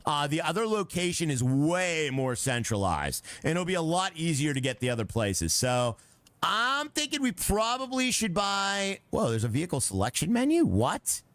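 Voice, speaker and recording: A man's voice: fairly high pitch, sing-song, moderate pace, a bit bright, no room sound. Chatty young man streaming a game. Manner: chatty, reads out chat messages, laughs often. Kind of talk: casual live-stream gameplay commentary. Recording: music playing behind the voice.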